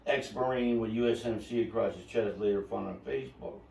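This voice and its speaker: A man hosting a podcast, telling a story in a lively, laughing way and acting out quotes. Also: lowish voice, a little fast, vocal fry, background noise. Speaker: podcast host. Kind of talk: casual storytelling chat. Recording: roomy, distant mic.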